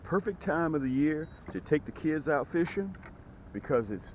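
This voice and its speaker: A man hosting a casual fishing vlog from a boat. He talks in a folksy way and whoops with excitement when fish bite. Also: on the high side, moderate pace. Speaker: fishing channel host. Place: outdoors on a boat. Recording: phone-like lo-fi audio with faint noise.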